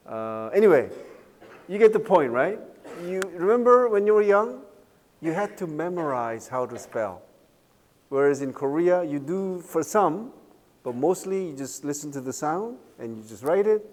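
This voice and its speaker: A man's voice: a little high, darkish tone, in a large hall. A man giving a university lecture in a casual, jokey way, often checking with the class by asking "right?" and "okay?". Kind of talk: recorded online lecture.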